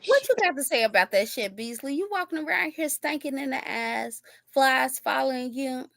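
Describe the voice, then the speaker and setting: A woman on a casual chat stream giving loud, outraged reactions. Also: sits high, animated, moderate pace, gravelly, no room sound.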